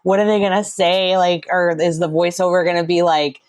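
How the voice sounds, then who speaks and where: An eager woman with a somewhat low voice gushes in casual podcast talk, full of fillers. She is recorded dry and close. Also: steady tone, brisk, a little mellow, no room sound. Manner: enthusiastic, gushing, many fillers.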